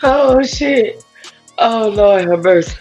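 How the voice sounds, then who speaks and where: A woman's voice: fairly high pitch, lively intonation, slow, darkish tone, faint music behind. A woman co-hosting a livestream, exasperated and scolding her co-host in casual banter.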